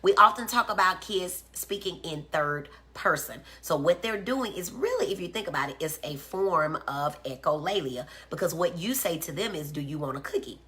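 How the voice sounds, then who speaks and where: A woman's voice: on the low side, animated, moderate pace, few pauses, pushed and bright. A woman giving a casual livestream lecture as a doctor, explaining things and checking in with her viewers. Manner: chatty, explains and checks in with "okay?", greets viewers by name. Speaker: doctor teaching about autism on a livestream.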